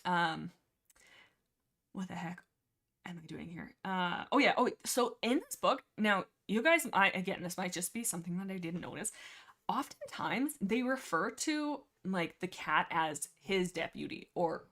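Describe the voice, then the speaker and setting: A woman's voice: on the low side, lively intonation, unhurried, a bit bright. A woman hosting a livestream, chatting casually and rambling through a book discussion with many fillers and restarts. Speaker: livestream host.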